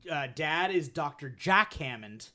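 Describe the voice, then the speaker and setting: A man co-hosting a podcast in casual chat, animated and quick to laugh, acting out movie lines. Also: on the high side. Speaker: podcast co-host.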